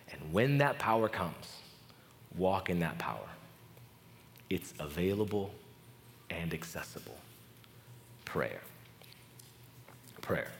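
A man preaching a sermon at a family camp, telling a story with passion that swings from hushed to soaring. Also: sits low, big-room sound, a little hiss or hum. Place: speaking at a family camp gathering.

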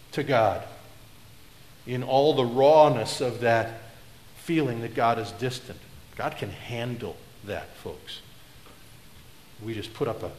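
A middle-aged man preaching a sermon, swinging between loud declarations and low, confiding asides. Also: echoey room, slight background noise, poor audio. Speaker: pastor. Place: church sanctuary.

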